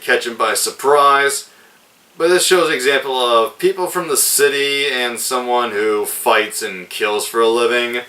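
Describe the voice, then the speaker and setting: A man's voice: fairly low pitch, bright, forceful tone, far from the mic, rough recording. A man casually reviewing a film, retelling scenes in a loose, rambling way with lots of "like".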